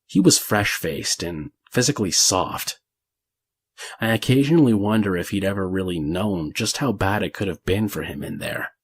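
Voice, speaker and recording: A man reading a horror story aloud in a measured, gritty way with crude language. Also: deep voice, animated, breathy edge. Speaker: narrator. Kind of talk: scripted horror story narration.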